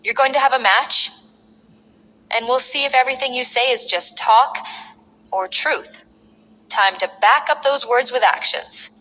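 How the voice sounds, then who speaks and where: A woman's voice: on the high side, a little slow, pauses often, pushed and bright. A woman voicing a stern female wrestling executive who speaks firmly and angrily. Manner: firm, angry. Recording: echoey long reverb.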